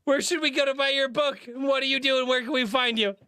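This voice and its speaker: A man with a high, bright voice hosts a casual podcast. He teases his guest with crude jokes and laughs easily. His voice sounds close and dry. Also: steady tone, fast, clear, resonant tone, no echo. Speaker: podcast host.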